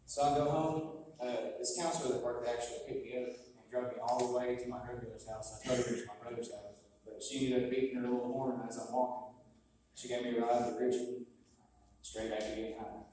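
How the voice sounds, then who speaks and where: A man's voice: medium pitch, steady tone, fast, dark tone. A young man sharing his personal recovery story in a casual, rambling way, full of "like" and acted-out quotes. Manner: acts out quoted exchanges. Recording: echoey room, mic far off, ambient noise.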